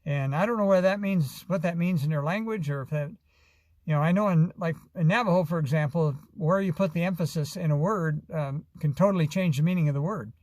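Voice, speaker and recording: A man's voice: on the high side, fairly quick, darkish tone, no echo. A man from Arizona, telling a long, rambling story with many fillers and restarts in a casual vlog. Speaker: vlogger.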